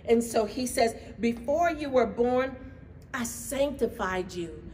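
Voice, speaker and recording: A woman pastor preaching a fervent sermon, dropping at times into soft prayer. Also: on the high side, lively intonation, slow pace. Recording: distant mic with faint room noise.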